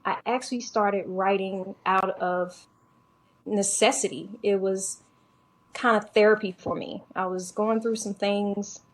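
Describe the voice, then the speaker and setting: A woman from Georgia, a guest author, talking through her writing life in a casual interview. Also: fairly low pitch.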